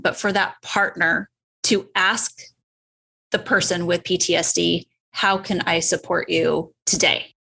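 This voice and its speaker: A woman who is a clinician, talking casually as a podcast guest, enthusiastic and quick to laugh. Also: on the low side, gravelly, sharp tone.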